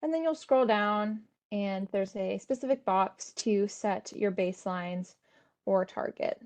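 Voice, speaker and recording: A woman presents an instructional webinar, walking listeners through a tool step by step. Her pitch sits in a middle range, and her delivery is steady and explanatory, with frequent casual fillers between points. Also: a little slow.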